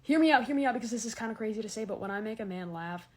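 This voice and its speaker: A woman's voice: on the high side, animated, rapid-fire, darkish tone, slight background noise. A young adult woman delivering rambling, exasperated comedic rants straight to camera, full of "like" and restarts. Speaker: comedy video creator.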